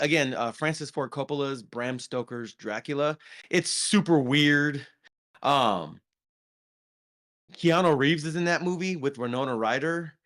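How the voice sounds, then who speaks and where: A man's voice: mid-range voice, a bit bright. A man co-hosting a podcast, chatting casually about films with lots of ums and restarts. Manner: rambling, many ums and restarts. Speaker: podcast co-host. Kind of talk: casual movie review chat.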